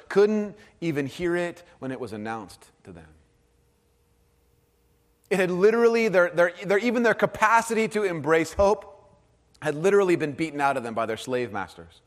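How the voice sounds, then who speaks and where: A man preaching a sermon to a live congregation, conversational in tone, dropping to soft, low emphasis on key phrases. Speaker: pastor. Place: large hall with audience. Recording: long hall reverb.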